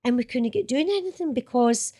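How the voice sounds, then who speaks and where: A middle-aged Scottish actress with a high, mellow voice speaks fairly quickly with lively intonation. As a guest, she reminisces casually about her old work, laughing and swearing along the way.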